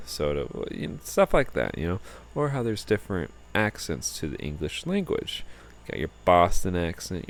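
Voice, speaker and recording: A tired young man rambling casually about his trip in a relaxed vlog. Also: low-pitched. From United States. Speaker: vlogger.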